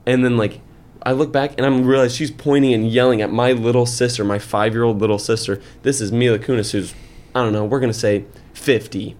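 A man's voice: mid-range voice, brisk. A young man in his twenties, a podcast co-host, telling a story in casual chat with lots of fillers and rising heat. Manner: animated storytelling, many fillers.

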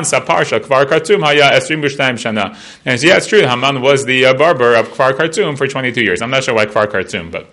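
A man's voice: on the high side, bright, forceful tone. A man teaching a Talmud page in a casual class, reading Aramaic and translating it line by line in a chatty way, full of fillers.

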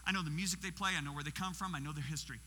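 Man in his 60s preaching, high tense voice, long hall echo, storytelling and quizzing the crowd. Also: rapid-fire, bright, forceful tone. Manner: storytelling, acting out quotes and questioning the audience. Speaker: guest preacher. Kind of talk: sermon. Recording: reverberant hall with faint mains hum.

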